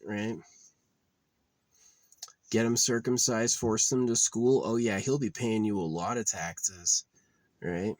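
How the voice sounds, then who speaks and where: Low, gravelly man ranting bitterly. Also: measured pace, pauses often, no echo. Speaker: vlogger. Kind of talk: rambling monologue.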